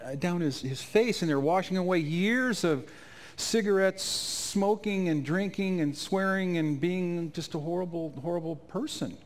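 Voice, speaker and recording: A man telling an emotional personal testimony in a sermon at a conference, his voice climbing high and loud at the peaks. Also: normal speed. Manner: emotional storytelling, rising to near-shouts at climaxes. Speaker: conference speaker. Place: conference stage.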